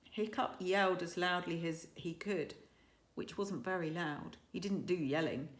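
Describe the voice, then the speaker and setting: A primary school teacher, a woman, reading a children's story aloud with lively, expressive storytelling. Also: on the low side, unhurried. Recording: echoey room.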